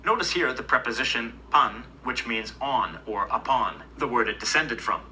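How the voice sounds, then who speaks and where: Bright-voiced man narrating a language lesson. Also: medium pitch, normal speed, a little hiss or hum, low-quality recording. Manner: even, explanatory. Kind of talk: scripted educational narration.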